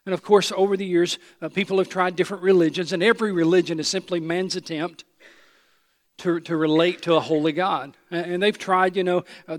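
A man preaching a sermon, emphatic and repeating his phrases, sometimes dropping to a hushed voice. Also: fairly high pitch. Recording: long hall reverb.

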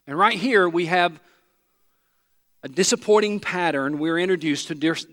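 Man preaching in a reverberant hall. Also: a little high. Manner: conversational preaching, voicing imagined prayers. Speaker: pastor. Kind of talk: sermon.

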